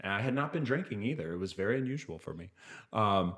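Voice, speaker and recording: A man tells a personal story on a podcast in a casual, animated way, with a voice that swings widely up and down. He often trails off, restarts sentences, and slips into acting out other people's words. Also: fairly low pitch, quick pace. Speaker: podcast guest.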